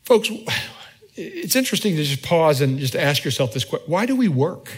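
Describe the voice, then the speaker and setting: A man preaching a sermon in a conversational way, often checking in with the congregation with quick asides. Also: on the high side, very animated, husky. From United States. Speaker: pastor.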